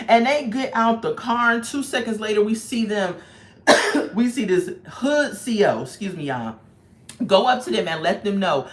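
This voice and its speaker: A woman casually reviewing a reality show for her channel, blunt and emphatic, with slang, telling the story in an animated way. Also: on the high side, a little slow. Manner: animated storytelling, acts out people's voices. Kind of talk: casual chat.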